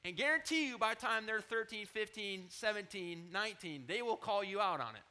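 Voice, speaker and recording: A pastor in his thirties preaches briskly and with animation. Scripture quotes come out loud, while his confiding asides drop low.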